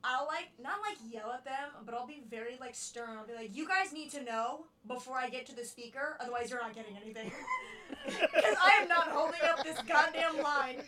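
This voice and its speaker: A woman's voice: high voice, sing-song, moderate pace, recorded from a distance, crowd noise. A woman co-hosting a podcast, speaking bluntly and swearing freely in casual chat. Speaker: podcast co-host.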